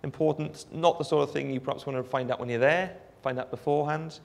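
A Welsh man giving a live demonstration of a phone app, explaining in a relaxed way with frequent ums. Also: on the high side, quick pace, creaky. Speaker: app developer giving a presentation. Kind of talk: live product demo talk.

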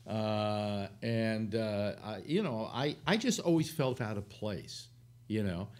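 A man's voice: lowish voice, animated, slow, a little mellow. An older man from California hosting a casual, rambling chat, full of fillers and restarts. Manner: meandering, many fillers and restarts. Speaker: show host.

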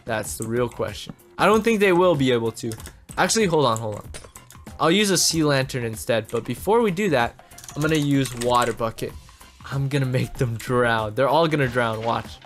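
A man hosting a gaming channel, giving excitable gameplay commentary straight to his viewers. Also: medium pitch, moderate pace, faint music behind.

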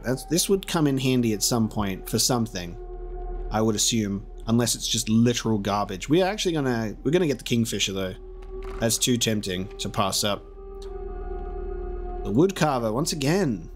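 A man giving casual, chatty let's-play commentary, thinking out loud and poking fun at himself. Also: mid-range voice, expressive, normal speed. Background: game music.

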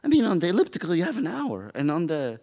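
A man teaching a youth Bible study, animated and joking as he acts out people's reactions. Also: high-pitched, quick pace.

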